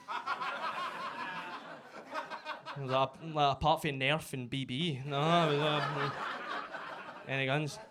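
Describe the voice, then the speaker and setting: A Scottish man doing a chatty, self-mocking stand-up routine on a comedy club stage, bursting into shouted punchlines. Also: fairly high pitch, expressive, takes it slowly, long pauses, heavy background noise. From Scotland.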